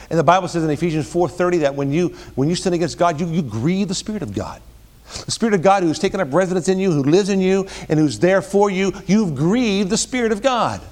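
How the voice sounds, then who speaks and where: A middle-aged man preaching a sermon, swinging from loud emphatic peaks to hushed asides and often repeating words as he restarts phrases. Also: high-pitched, animated, quick pace. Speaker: pastor.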